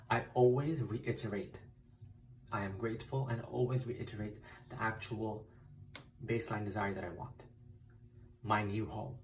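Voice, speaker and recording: Low-voiced man, emphatic and insistent. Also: steady tone, normal speed, distant mic, a little hiss or hum, poor audio. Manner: emphatic, repetitive, uses mild swearing. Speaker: spiritual content creator. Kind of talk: casual instructional vlog.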